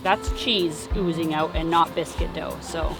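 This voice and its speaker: A woman's voice: deep voice, steady tone, a little slow, music in the background. A woman hosting a family vlog, chatting casually as she cooks treats over a campfire outdoors. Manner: chatty, explains steps while cooking. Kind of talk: casual cooking demonstration.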